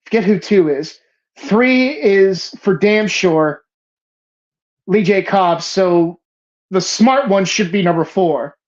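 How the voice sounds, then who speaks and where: A woman's voice: medium pitch, slow, darkish tone, dull audio. A woman hosting a casual movie discussion podcast, heated and profane as she rants. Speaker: podcast host.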